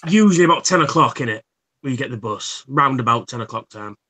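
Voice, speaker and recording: A man's voice: medium pitch, expressive, fast talker, pushed and bright. Guy rambling thru a hungover story, swears a lot, lots of restarts, just chatting on a stream. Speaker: livestream host. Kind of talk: casual chat.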